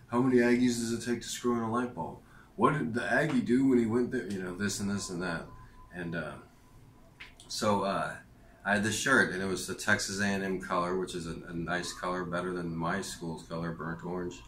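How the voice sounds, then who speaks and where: Very deep-voiced man ranting. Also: bright, forceful tone, echoey room, slight background noise. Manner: meandering, many fillers and restarts. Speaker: vlogger. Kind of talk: rambling personal rant.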